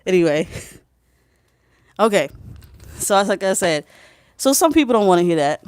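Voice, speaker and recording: A woman's voice: medium pitch, expressive, normal speed, long pauses, smooth. A woman talking straight to the camera, giving spiritual advice in a casual vlog. She is emphatic, preachy and blunt, swears freely, and keeps checking in with the listener. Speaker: spiritual reader.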